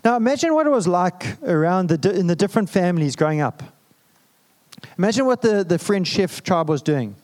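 A male pastor delivers a sermon in a relaxed, chatty way. He jokes and makes asides to the listeners, and his voice sits a little high for a man. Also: fairly quick. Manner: conversational, humorous preaching with asides.

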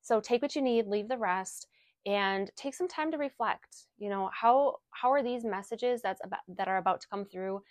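A woman working as a spiritual guide, leading affirmations and reflection in a gentle, slow way and repeating each phrase. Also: medium pitch, no echo, clean studio sound.

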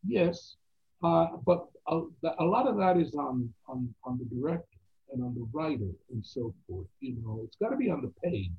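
A man telling stories as an actor guest in a casual interview, animated and quoting other people's voices. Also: medium pitch, normal speed, gravelly, slightly rough. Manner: animated anecdotes with quoted voices. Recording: tinny phone-like line.

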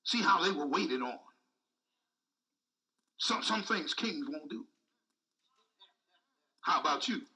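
A man's voice: on the high side, lively intonation, slow pace, pauses often, sharp tone, distant mic, low-quality recording. A man preaching a sermon with speech, repeating phrases and calling out to the congregation. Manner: call-and-response preaching, repetitive, emphatic.

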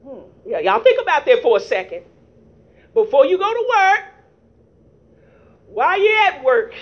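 A woman preacher delivering a fervent sermon into a microphone in a church, calling out to the congregation with rhetorical questions, in a dull lo-fi recording. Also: extremely high pitch. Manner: fervent call-and-response, rhetorical "huh?". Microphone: handheld microphone.

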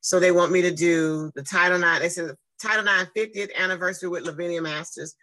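A woman, telling her story casually in conversation, lively and acting out what people said. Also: fairly quick, poor audio. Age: 50s. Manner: animated, acts out quoted exchanges with big swings in pitch. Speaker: guest speaker and advocate.

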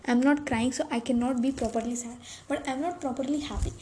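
A woman's voice: high voice, fairly even intonation, a little fast, mellow, poor audio. A young adult woman hosting a solo podcast, rambling and self-deprecating with many restarts. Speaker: podcast host. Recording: faint background noise.

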